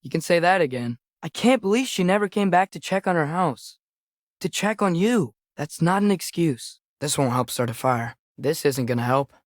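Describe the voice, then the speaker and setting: A young actor playing an earnest, curious teenage boy in a video game, quietly talking to himself. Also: a little high, expressive, normal speed, dry recording, studio quality, lightly acted. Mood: musing. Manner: quiet, musing self-talk. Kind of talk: game voice lines.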